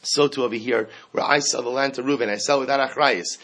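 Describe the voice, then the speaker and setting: A man teaching a Talmud class, animated, acting out the quoted speakers as he explains each case. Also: medium pitch, fast talker. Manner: animated, acts out quoted speakers, mixes Aramaic terms into English.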